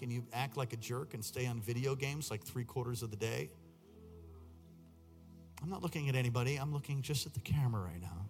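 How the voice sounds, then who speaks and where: A male pastor preaching a sermon, exhorting the congregation and rising to loud, urgent peaks. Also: mid-range voice. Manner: exhorting, repeats lines, rises to near-shouted peaks. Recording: long hall reverb, faint music behind.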